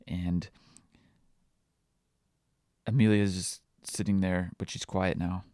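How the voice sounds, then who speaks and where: Close, dry and without echo, the recording catches a man in his thirties who hosts a parenting podcast, speaking alone in a confessional monologue. His voice sits fairly low with little pitch movement, and his candid, reflective, quietly emotional talk is broken up by fillers and restarts.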